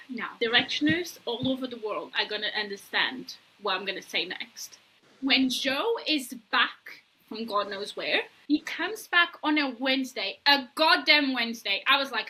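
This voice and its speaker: A young woman co-hosting a casual book-discussion podcast, talking in an animated, gushing way and swearing freely. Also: on the high side, unhurried, slight background noise, poor audio. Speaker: podcast co-host.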